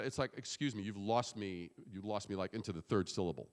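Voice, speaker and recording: A man's voice: medium pitch, brisk, few pauses, fairly bright tone, clean tone. A man giving a conference keynote, punchy and emphatic, with casual swearing. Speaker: keynote speaker. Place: conference hall. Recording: long hall reverb.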